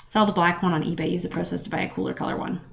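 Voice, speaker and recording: Chatty wry woman with gravelly voice. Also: on the low side, fairly even intonation, racing, a little hiss or hum. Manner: chatty, wry, rambling asides. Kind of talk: casual chat.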